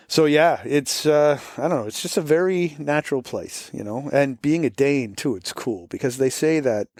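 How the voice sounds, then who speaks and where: American man, faint boston accent, rambling, lots of fillers, mid pitch, dry sound. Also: a little mellow, no room sound. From Florida, US. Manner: rambling, many fillers and restarts. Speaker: musician guest. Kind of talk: casual interview chat.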